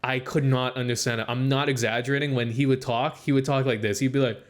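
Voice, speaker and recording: A man's voice: steady tone, fast. A young man co-hosting a casual podcast, telling a long story full of "like" and acting out what people said. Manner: rambling storytelling, heavy use of "like"; acts out quoted speech with raised pitch. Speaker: podcast co-host. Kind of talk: casual chat.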